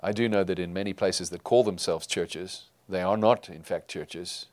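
A man preaching a sermon to his congregation, emphatic, rising loud and falling quiet. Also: sits low, normal speed. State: tearful while reading scripture. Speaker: pastor.

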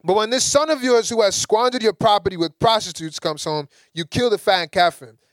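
A man's voice: fairly high pitch, expressive, quick pace, darkish tone, slightly rough, dry recording. A man voicing a resentful older brother, young and sulky, whining and complaining.

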